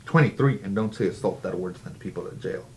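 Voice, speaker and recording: A man's voice: sits low, brisk, natural voice. A man doing a pushy, dismissive young guy.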